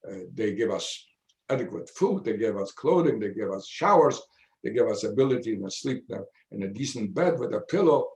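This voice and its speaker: Elderly man with a mother tongue, halting. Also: mid-range voice, a little mellow, roomy sound. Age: 90s. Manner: halting, measured storytelling with many pauses. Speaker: Holocaust survivor speaking to students. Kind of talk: personal testimony in a video Q&A. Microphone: video call.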